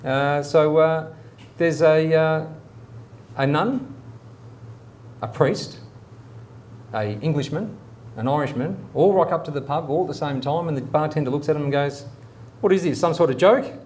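A man hosting a comedy show, relaxed and full of fillers. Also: on the high side, unhurried, pauses often, slight background noise. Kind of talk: casual hosting.

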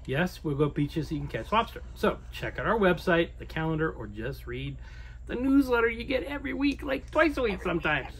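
A man's voice: sits high, very animated, a little fast, slightly rough. A man co-hosting a dive shop video newsletter in a playful, casual way, tossing in jokey self-corrections. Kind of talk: casual promotional newsletter chat.

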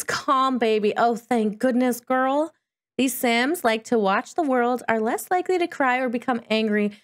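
A woman giving casual let's-play commentary, chatty and cooing at the characters in her game. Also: on the high side. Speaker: gaming video creator.

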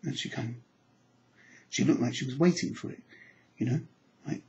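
A man, a hypnotherapy trainer, telling anecdotes in a relaxed teaching talk, slipping into soft hypnotic phrasing and acting out the people he quotes. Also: mid-range voice, fairly quick, creaky, long pauses, poor audio.

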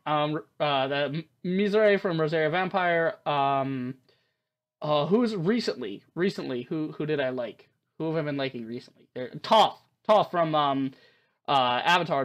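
A young man gushing and rambling through let's-play commentary of a game, swearing often. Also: on the high side. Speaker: gaming YouTuber.

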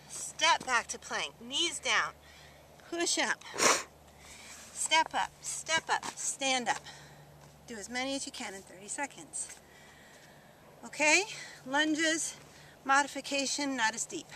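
A woman's voice: high-pitched, bright, forceful tone, slight background noise. A woman fitness instructor leading an outdoor workout demonstration, coaching in an upbeat, encouraging way. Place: outdoors in the countryside. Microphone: camera mic held by a cameraman.

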